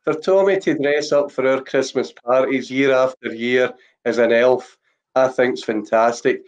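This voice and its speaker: A woman's voice: rumbling low, fairly even intonation, measured pace, darkish tone. A woman, a podcast host, chatting in an easygoing, joking way. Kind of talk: casual podcast chat. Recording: dull lo-fi audio.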